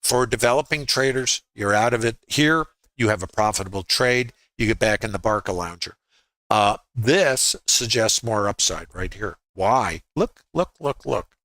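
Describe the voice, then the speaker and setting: Give me a man teaching trading, asking quick rhetorical questions in a bright, dry voice. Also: lowish voice, no room sound. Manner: clipped, staccato phrasing. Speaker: trading educator. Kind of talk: screen-share trading lesson.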